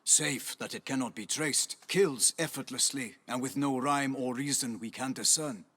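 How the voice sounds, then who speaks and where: An actor playing a solemn, duty-bound knight in a video game, speaking formal, archaic lines in a measured way. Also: male voice, medium pitch, fairly bright tone, breathy edge. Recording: long reverb.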